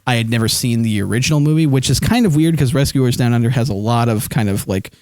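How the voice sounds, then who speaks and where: A man's voice: medium pitch, fast, darkish tone, no echo, studio quality. Rambling man chatting on a live stream. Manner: rambling, full of ums and likes. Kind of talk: casual live-stream chat. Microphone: hand microphone.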